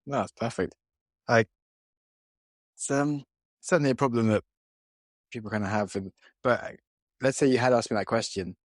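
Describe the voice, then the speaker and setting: A man's voice: medium pitch, moderate pace, long pauses, dry recording, studio quality. Chatty British man hosting a podcast. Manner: chatty, self-deprecating, hesitant with fillers. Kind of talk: podcast interview.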